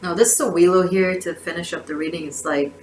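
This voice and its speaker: A woman's voice: lowish voice, steady tone, a little fast, slight background noise, poor audio. A woman giving a casual tarot reading, effusive and emotional, often restarting her words. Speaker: tarot reader.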